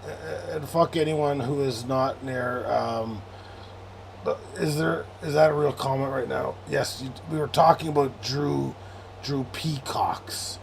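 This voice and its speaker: A man's voice: mid-range voice, steady tone, a little slow, creaky, slight background noise. A young man hosting a late-night sports livestream, rambling and sarcastic, with frequent swearing as he reads chat aloud. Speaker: livestream host.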